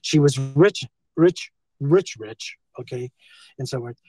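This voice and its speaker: A man's voice: mid-range voice, slow, dark tone, rough recording. An older American man filmed on a handheld phone, talking in long rambling stretches and tagging on "okay" and "and so forth". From United States. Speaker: former school teacher being confronted. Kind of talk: rambling confrontation talk.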